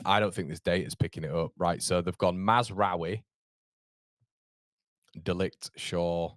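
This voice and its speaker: A low-pitched man from York, England hosts a live football watchalong, chatting with his viewers in a loose, rambling way. He laughs easily and hops between thoughts while keeping a steady tone and measured pace. The audio is close and dry with no room sound.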